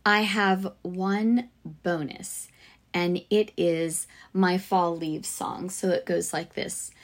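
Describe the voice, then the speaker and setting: A woman's voice: on the low side, steady tone, takes it slowly. A woman hosting a podcast for music teachers, talking casually and enthusiastically about lesson ideas, with plenty of fillers and restarts. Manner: chatty, enthusiastic, chants rhythms and sings snippets.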